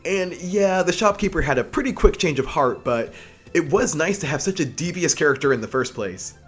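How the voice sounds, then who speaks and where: A man's voice: fairly high pitch, animated, brisk, a bit bright, breathy edge, soft background music. A man giving a casual episode review, with wry, joking asides. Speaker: anime reviewer.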